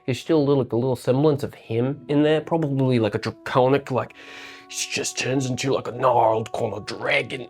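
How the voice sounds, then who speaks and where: A player at a tabletop game who talks in long, excitable, rambling runs and swears often. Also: medium pitch, brisk. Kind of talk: casual tabletop game chat.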